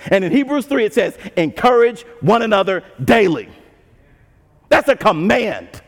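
Guy preaching, chatty and lively, pretty high voice, long reverb like a big hall. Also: measured pace. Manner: conversational, animated preaching with asides. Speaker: pastor. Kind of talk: sermon.

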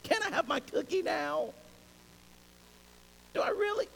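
A man's voice: expressive, unhurried, vocal fry, fairly bright tone, full character voice. A man putting on a whiny little girl. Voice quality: high, whiny nasal pitch. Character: whining little girl pleading with her mom. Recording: reverberant hall, faint hiss.

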